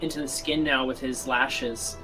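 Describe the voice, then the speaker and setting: A woman's voice: extremely low pitch, steady tone, measured pace, pushed and bright, faint music behind, rough recording. A woman narrating as game master in a tabletop game over online voice chat, with loose, filler-heavy narration.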